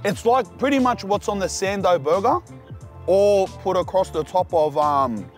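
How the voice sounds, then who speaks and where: Young aussie vlogger bloke, high-pitched, slangy and hyped, reviewing truck food outside, faint music under. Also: male voice, moderate pace. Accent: Australian. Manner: excited slangy banter, calls the viewer cuz and bro. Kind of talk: casual food review vlog. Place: outdoors at street food trucks.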